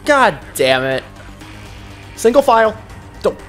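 A man doing casual gameplay commentary, jokey and profane, breaking into loud excited outbursts. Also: high-pitched, slow pace, faint music behind. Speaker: gaming commentator. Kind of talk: casual let's-play commentary.

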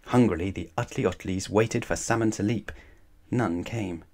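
A man reading a children's bedtime story aloud in a calm, measured way. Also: on the low side.

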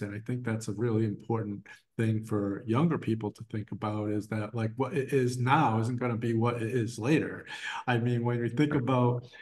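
Rambling middle-aged man, mid-pitch. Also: a little mellow. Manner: rambling, many restarts and fillers. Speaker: guest, designer and art professor. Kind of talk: casual interview conversation. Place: his art gallery.

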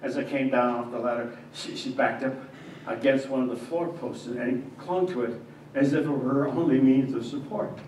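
A male pastor playing a devout young carpenter, telling his story in the first person with stammers and swings between hushed and agitated moments. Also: mid-range voice, moderate pace, natural voice. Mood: earnest. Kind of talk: first-person dramatic monologue in a church. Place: church sanctuary. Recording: echoey church from a distance, faint hiss.

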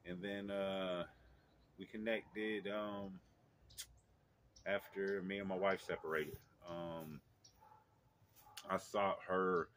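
A middle-aged man with a fairly low voice tells a personal story outdoors in a yard. He rambles casually, full of fillers, restarts and side remarks. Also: flat delivery, slow, long pauses, fairly bright tone, slight background noise.

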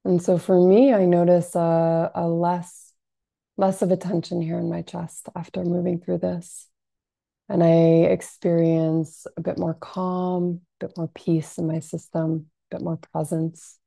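A woman with a low, dark, gravelly voice leads a gentle guided self-soothing lesson at an unhurried pace. She speaks softly and calmly, with frequent fillers, and the sound is dry and close. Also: dry recording. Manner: soft, unhurried, calming delivery with frequent fillers. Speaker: compassionate inquiry practitioner.

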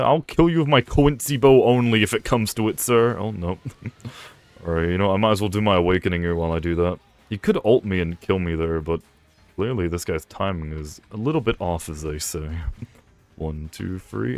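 A young man casually commenting on his own game matches, playful and teasing, chuckling often. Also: low voice. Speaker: gaming video creator.

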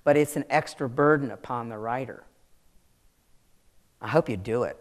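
A woman's voice: rumbling low, normal speed. A woman from Maryland with a Southern American accent, answering audience questions at a live author event in a chatty, frank way. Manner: chatty, frank, laughs easily. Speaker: author interviewee. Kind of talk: public Q&A answers.

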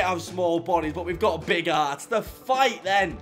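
A young man narrates his own football video game match, sliding between low grumbles and bursts of loud celebration. His voice sits a little high for a man, and faint music plays underneath. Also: measured pace. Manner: excitable, swings from muttering to shouting. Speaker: gaming YouTuber. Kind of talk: live gameplay commentary.

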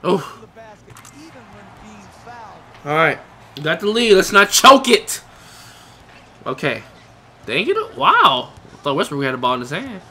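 A young man giving live commentary over his own basketball video game, reacting loudly to each play and talking to the players and his viewers. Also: high voice, huge pitch swings, takes it slowly, pauses often, a little hiss or hum. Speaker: gaming YouTuber.

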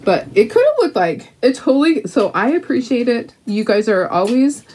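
Painting crafts on camera, this older Canadian host keeps up friendly, chatty talk aimed at her viewers and laughs a lot. She sounds warm and very animated, pitched on the high side, at a moderate pace, with faint noise in the background.

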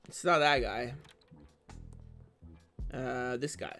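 A man's voice: on the high side, big pitch swings, moderate pace, pauses often, pushed and bright, faint music behind. Offhand young-sounding man playing a game. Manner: offhand, self-deprecating muttering. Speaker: let's play host. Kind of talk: casual game commentary.

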